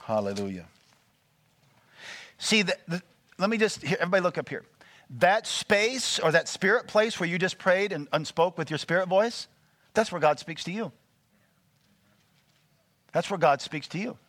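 A man preaching a sermon, animated and full of call-and-response questions to the congregation. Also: high voice, moderate pace, long pauses, dry recording. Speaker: pastor.

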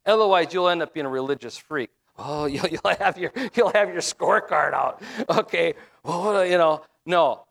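Middle-aged guy preaching a sermon, kinda high voice, lots of you-knows and restarts, talks like he's just chatting. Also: moderate pace, creaky, hardly any pauses, fairly bright tone. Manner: conversational, repetitive, with frequent fillers and restarts. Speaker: minister.

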